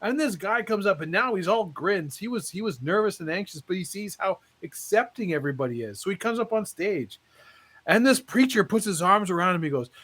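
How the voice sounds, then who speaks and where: A man co-hosting a podcast, telling a comic story as a dramatic storyteller with suspenseful pauses. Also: high-pitched, lively intonation, fairly bright tone. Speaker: podcast co-host.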